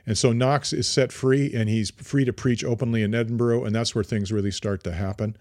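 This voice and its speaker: A man's voice: mid-range voice, fairly even intonation, brisk, a little mellow, dry recording. Male podcast co-host, chatty storyteller, frequent restarts, dry studio sound. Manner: rambling, many fillers and restarts. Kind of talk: casual history chat.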